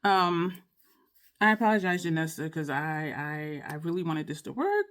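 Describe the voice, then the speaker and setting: A woman's voice: fairly low pitch, expressive, fairly quick, fairly bright tone. A woman, chatting casually in a makeup tutorial, rambling and apologetic, with sighs and many restarts. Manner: frustrated, rambling, apologetic, repeats herself. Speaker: beauty vlogger.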